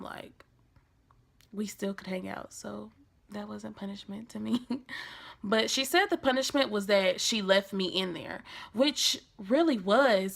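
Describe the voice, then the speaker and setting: A young woman tells a story from her own life in a lively vlog, slangy and casual. Her voice is bright and sharp with plenty of gravelly fry. She acts out the lines she quotes as she goes. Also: medium pitch. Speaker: vlogger.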